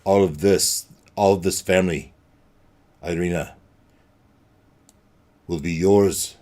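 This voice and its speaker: A man voicing a cold, menacing male vampire lord who speaks in a slow, formal way. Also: fairly even intonation, darkish tone. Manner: low, slow, deliberate menace.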